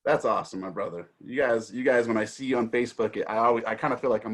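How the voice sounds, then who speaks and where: A man's voice: on the low side, very fast, hardly any pauses. A man chatting as a guest on a video call, effusive and affectionate, full of energy. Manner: effusive, warm-hearted, energetic. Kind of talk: casual video call chat.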